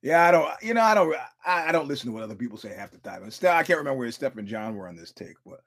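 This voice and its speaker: A man's voice: mid-range voice, very animated, very fast, a bit bright. A male podcast host giving casual fight commentary. He tells profane stories, acts out quotes, repeats and restarts his words, and chuckles often.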